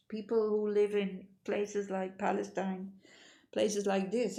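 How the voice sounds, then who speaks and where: Gravelly-voiced woman meditation teacher. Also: mid-range voice, warm tone. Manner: informal, meandering, with frequent restarts. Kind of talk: dharma talk with storytelling.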